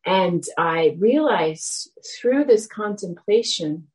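A woman giving a dharma talk, telling a personal story in a reflective, animated way. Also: medium pitch, slow pace, poor audio.

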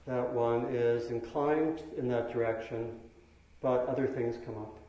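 A man teaching meditation in a dharma talk, speaking slowly and thoughtfully with pauses and fillers. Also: medium pitch, fairly even intonation, warm tone, dull audio. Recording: very echoey hall.

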